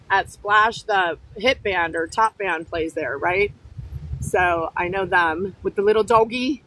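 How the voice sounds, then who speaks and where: A woman's voice: medium pitch, fairly bright tone, a little hiss or hum, poor audio. A woman chatting casually on a phone live stream, reading comments aloud, blunt and feisty, dropping in Spanish words while she walks her dogs outdoors. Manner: blunt, feisty, quick to snap back at commenters.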